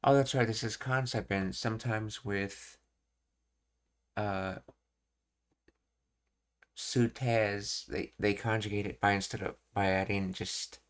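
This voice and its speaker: A language learning streamer thinks aloud while studying Japanese grammar. His voice is lowish and steady, and he speaks slowly and haltingly, pausing to read and work things out.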